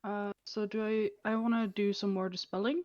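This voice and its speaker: A woman player weighs her choices out loud, hesitating with ums. Her voice comes through dry and dull, as if over a lo-fi mic. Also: mid-range voice, flat delivery, normal speed, dry recording. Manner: thinking aloud, hesitant with ums. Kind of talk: casual chat at a tabletop game.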